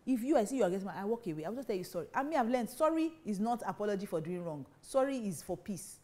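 A woman's voice: medium pitch, very animated, racing, warm tone. A woman teaching on marriage in a preaching style, emphatic and full of rhetorical questions. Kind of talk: preaching talk to women.

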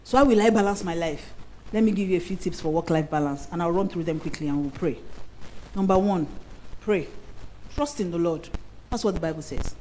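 A woman with a Nigerian accent preaching a sermon, playful and animated, dropping into pidgin asides. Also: on the low side, fairly quick, long pauses, a little hiss or hum, low-quality recording.

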